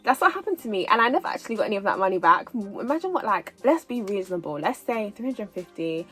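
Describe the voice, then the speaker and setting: A woman in her twenties telling a personal story in a casual storytime vlog, animated and repeating herself as she goes. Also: mid-range voice, fast talker, husky, soft background music, low-quality recording. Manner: chatty, animated retelling with repeats. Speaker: vlogger.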